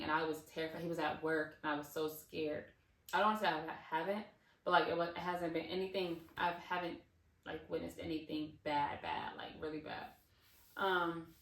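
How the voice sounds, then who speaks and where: A woman talks casually on her vlog, telling a story in a loose, rambling way full of fillers and restarts. Her voice sits a little low. She is recorded from some distance in a roomy, echoey space. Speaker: vlogger.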